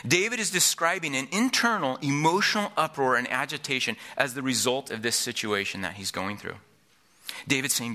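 Bright-voiced earnest preacher man. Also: mid-range voice, animated, moderate pace. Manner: earnest, repeats each point for emphasis. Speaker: pastor. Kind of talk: sermon.

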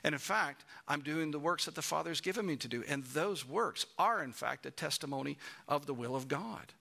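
A man's voice: fairly high pitch, expressive, moderate pace, gravelly, bright, forceful tone. A man preaching an expository sermon, asking his congregation rhetorical questions. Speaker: pastor.

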